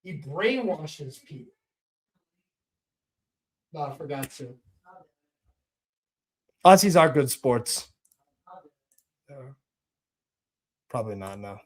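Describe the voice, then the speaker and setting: A man's voice: medium pitch, animated, slow, long pauses. A man hosting a live watch-along stream, giving casual commentary in a profane, ranting, mocking way.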